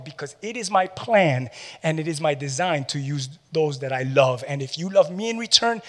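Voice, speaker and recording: A pastor preaching a sermon with animated call-and-response questions to his congregation. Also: a little high. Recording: long hall reverb.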